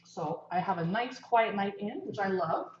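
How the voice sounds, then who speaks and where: Her medium-pitched voice moves at a normal pace over a very noisy recording. She's hosting a laid-back home cooking stream, talking to viewers between bites and while cooking, in a kitchen that sounds echoey and slightly muffled.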